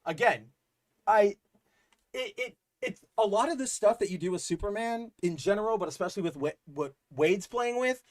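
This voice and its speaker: A man co-hosting a podcast, excitedly retelling a story in a rambling, casual way full of fillers. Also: high-pitched, normal speed. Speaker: podcast co-host. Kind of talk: casual comic book chat.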